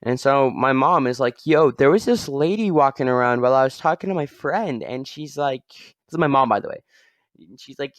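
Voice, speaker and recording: A man's voice: medium pitch, moderate pace, dry recording, clean studio sound. Rambling young man telling a story. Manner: rambling, tags sentences with "all right?". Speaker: podcast host. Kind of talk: casual storytelling.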